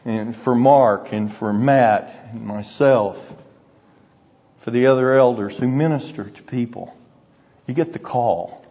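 A slow, low-voiced man delivers an earnest sermon, his mellow tone sinking into grave hushes. His husky voice rings out in a long-echoing hall. The recording itself sounds dull and muffled. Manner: earnest, deliberate storytelling that drops to hushed, grave tones. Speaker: preacher.

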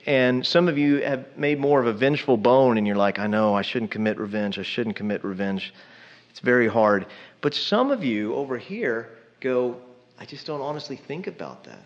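A man's voice: medium pitch, highs cut off. A man preaching a sermon in a conversational way, often asking the congregation questions. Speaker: pastor.

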